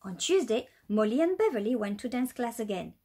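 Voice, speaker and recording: A woman teacher reading a children's storybook aloud, with a light British accent, in a lively storytelling way. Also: a little high, fairly quick, a little hiss or hum. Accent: British English.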